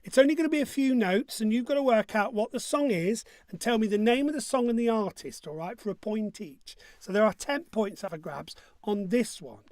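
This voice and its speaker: Jokey high-voiced quiz host. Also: male voice, animated, a little fast, few pauses, darkish tone, dry recording. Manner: jokey and upbeat, hums his own jingles. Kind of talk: online pub quiz hosting.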